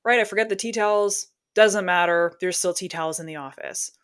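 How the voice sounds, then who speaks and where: Animated woman telling a story. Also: on the low side, smooth. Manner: animated, quick laughs, acts out dialogue. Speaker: podcast guest. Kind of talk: casual storytelling.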